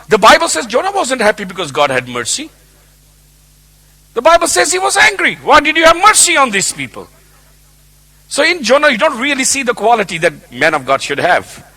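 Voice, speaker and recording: Preacher guy, high voice, bouncy and animated, acts out the bible story. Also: husky. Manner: animated storytelling, acting out the characters. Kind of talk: sermon on a Bible passage.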